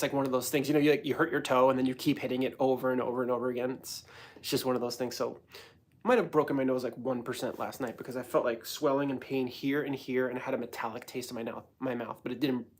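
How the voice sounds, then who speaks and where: A man's voice: mid-range voice, level tone, quick pace, slight background noise. A man from New York hosting a casual livestream, talking in a rambling, hyper, self-mocking way. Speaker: host.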